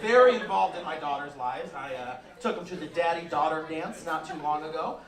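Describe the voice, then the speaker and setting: A young adult man doing a stand-up comedy set on a club stage, deadpan with sudden loud outbursts. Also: fairly high pitch, fairly quick, distant mic, crowd noise. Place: comedy club stage before a live audience. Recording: roomy live club sound, from the back, audience laughter.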